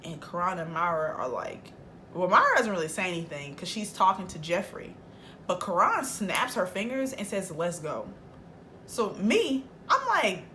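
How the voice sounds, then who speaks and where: Animated young woman telling a story. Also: a little hiss or hum. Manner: animated, acts out quotes with big pitch jumps. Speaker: vlogger. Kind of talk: casual storytime.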